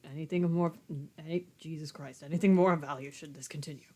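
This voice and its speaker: A woman reading the lines of a mild older male judge in a formal, measured way, with game music underneath. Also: low-pitched, fairly even intonation, mellow, slight background noise, pitched below the performer's own voice, lightly acted.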